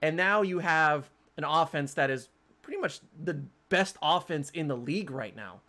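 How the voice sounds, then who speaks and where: A man hosting a casual sports podcast. His voice sits a bit higher than most men's. He talks in animated, quick bursts and often restarts his sentences as he thinks aloud. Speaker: podcast host.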